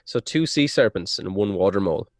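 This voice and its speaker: A man's voice: fairly low pitch, lively intonation, a little fast, no room sound. A man co-hosting a casual podcast who reads old passages aloud and chats in a laid-back way, swearing freely and laughing often. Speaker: podcast co-host. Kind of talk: casual chat and reading aloud.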